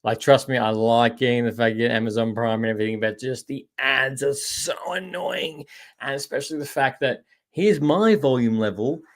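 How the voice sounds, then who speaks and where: A man's voice: medium pitch, normal speed. An Australian man hosting a live podcast, rambling casually about shows and games and answering viewer comments, often calling people mate. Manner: rambling, chatty, says "mate" a lot. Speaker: podcast host.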